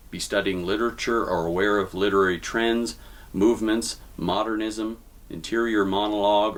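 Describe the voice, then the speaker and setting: Emphatic male lecture host with a lowish voice who talks straight to his viewers and hammers his points home. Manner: emphatic, repeats key points, addresses viewers as folks. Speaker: video essay host. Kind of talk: spoken literary lecture.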